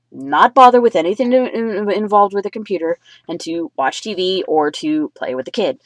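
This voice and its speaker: A woman with a lowish voice vents a rough personal story to her camera, rambling and swearing as she goes. Her voice sounds dry and close. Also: no echo. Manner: agitated, rambling, profane. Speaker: vlogger.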